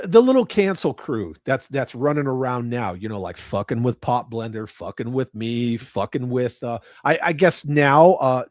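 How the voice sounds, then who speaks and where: Middle-aged male streamer, swearing rant, lively swinging pitch, dry close sound. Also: no echo. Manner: profane, ranting, reads chat aloud. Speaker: livestream host. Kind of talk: casual livestream chat.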